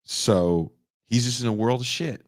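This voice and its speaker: A man in his forties, a podcast host, retelling a movie in casual chat with animated, profane storytelling. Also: mid-range voice, a little slow, no echo, studio quality. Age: 40s. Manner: animated, profane storytelling that acts out quoted lines.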